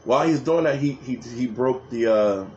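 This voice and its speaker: A man's voice: mid-range voice, normal speed, darkish tone, soft background music. A man co-hosting a podcast, telling a profane story in casual chat and acting out other people's lines. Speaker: podcast co-host. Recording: roomy, dull lo-fi sound with faint hiss.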